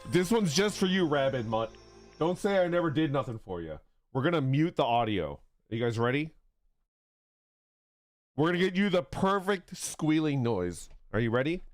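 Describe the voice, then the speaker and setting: A man talks casually on a live game stream, joking and teasing his chat. His voice sits a little high and swings around a lot as he talks. Faint game music plays underneath. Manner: playful and teasing, bursts into high squeaks and laughter.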